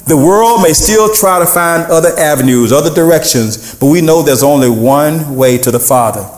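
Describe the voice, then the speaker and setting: Male pastor, fairly high voice, lively call-and-response sermon, reverberant church sound. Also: normal speed. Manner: animated preaching with call-and-response and sung phrases. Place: church sanctuary. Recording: echoey church room.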